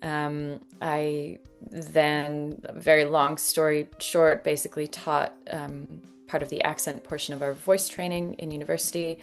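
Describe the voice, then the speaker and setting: A Canadian woman in her thirties, an actress and dialect coach telling her story in an interview, lively and often laughing. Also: sits low, unhurried, soft background music. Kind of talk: conversational interview.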